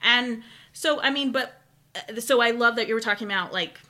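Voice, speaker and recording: A young woman co-hosting a podcast, talking in a casual, chatty way. Her voice is bright and sits a little high. She tells her stories with bubbly, animated enthusiasm. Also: normal speed. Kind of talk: casual chat.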